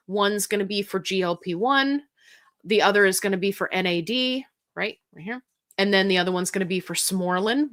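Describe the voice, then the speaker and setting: A woman's voice: medium pitch, fairly bright tone. A woman hosting a casual livestream, reading viewer comments aloud and answering them in a chatty, goofy way. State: getting tired. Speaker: host answering live chat questions.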